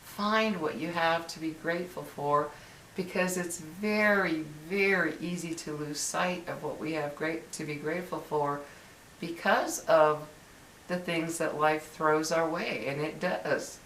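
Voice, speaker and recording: An older woman vlogs from her living room, giving a casual motivational talk straight to camera. Her voice sits low and fairly bright, and she speaks at a measured pace, earnest but rambling with frequent restarts. The built-in camera mic makes the indoor recording sound roomy and distant, with faint hiss.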